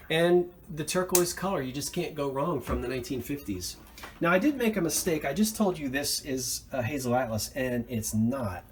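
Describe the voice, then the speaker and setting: A middle-pitched man chats his way through a thrift haul, excited about each piece he found. He rambles and backtracks, with lots of ums and uhs. A faint background hum sits under his voice. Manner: rambling, chatty, with frequent fillers and self-corrections; enthusiastic about his finds. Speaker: thrift reseller vlog host. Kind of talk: casual show-and-tell chat.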